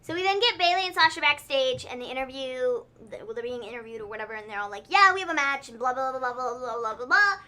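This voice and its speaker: A woman's voice: sits high, fast, few pauses, pushed and bright. A woman co-hosting a casual wrestling recap show, rambling with lots of fillers. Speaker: podcast co-host.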